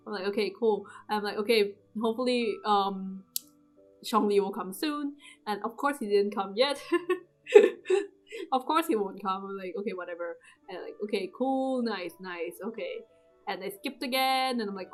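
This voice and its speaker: A young woman with a fairly high voice chats through her game in a loose, rambling way. She gets excitable and laughs a lot, and soft game music plays underneath. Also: normal speed. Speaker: gaming youtuber. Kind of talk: casual gameplay commentary.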